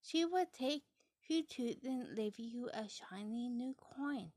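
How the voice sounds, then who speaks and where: Woman doing a soothing storybook mother pig, slow, dry sound. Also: fairly high pitch, expressive, darkish tone, dry recording, pitched above the performer's own voice. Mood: reassuring. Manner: soothing and explaining, with a fond laugh. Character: gentle, patient mother pig.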